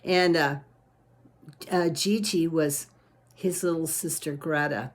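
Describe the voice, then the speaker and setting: Brief: woman storyteller, warm-homey rambling delivery, lowish voice. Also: steady tone, slow. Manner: homey, rambling with many "and, uh" restarts. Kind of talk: unscripted read-aloud storytelling.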